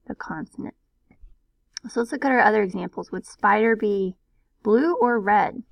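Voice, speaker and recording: A woman teaches a phonics lesson at a mid pitch, with a gravelly fry in her voice. She patiently stretches words out syllable by syllable. The sound is dry and close, with no room around it. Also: no echo, low-quality recording.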